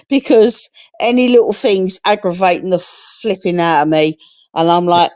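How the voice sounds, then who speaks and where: A woman's voice: on the low side, moderate pace, a little mellow. A middle-aged woman from England in casual chat on a live stream, frank and chatty, swearing freely.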